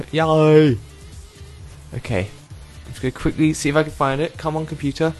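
A man hosting a casual online show, playful and rambling, with lots of ums and quick asides. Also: a little high, steady tone, soft background music. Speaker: host. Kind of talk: casual podcast chat.

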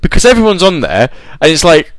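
Male host, rambling self-deprecating chatter, animated delivery. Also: fairly high pitch, a little fast, dry recording. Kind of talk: casual chat.

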